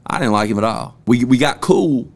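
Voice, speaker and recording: Young guy on a podcast, gravelly voice, slangy storytelling, cusses a lot. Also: mid-range voice, lively intonation, normal speed, darkish tone. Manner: storytelling, loose slangy talk with frequent cussing. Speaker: podcast host. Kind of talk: casual podcast chat.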